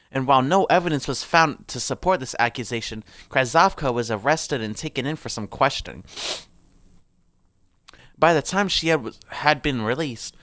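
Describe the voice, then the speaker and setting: A man's voice: medium pitch, fairly bright tone, no room sound. A man reading game character profiles aloud. He often stumbles and corrects himself, and breaks off into joking asides. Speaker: game video creator.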